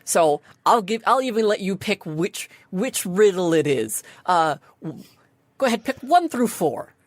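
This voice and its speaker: A bubbly, eager cat-faced sphinx lady chirps up high and bright, as a woman puts her on. She is all helpful cheer, sounding close and dry in a small space. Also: big pitch swings, unhurried, no echo. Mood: perky. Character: perky female sphinx convention helper.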